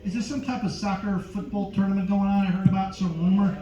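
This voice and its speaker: A male comedian doing a stand-up set on a cruise ship stage, teasing the crowd loudly, with sudden jumps in pitch. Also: little pitch movement, quick pace. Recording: echoey, distant, dull with crowd noise. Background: audience noise.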